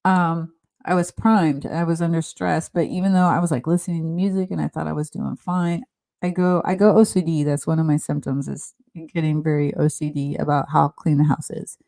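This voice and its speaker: A middle-aged woman talking earnestly in a casual, heartfelt conversation, often halting and restarting. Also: low voice, steady tone, creaky, dark tone. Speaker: podcast host.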